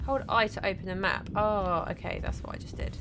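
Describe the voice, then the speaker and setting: A woman's voice: mid-range voice, fairly quick, gravelly, noisy background. A woman chatting casually as she plays a horror game, joking with herself. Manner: chatty, self-mocking. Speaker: gameplay streamer. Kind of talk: casual let's-play commentary.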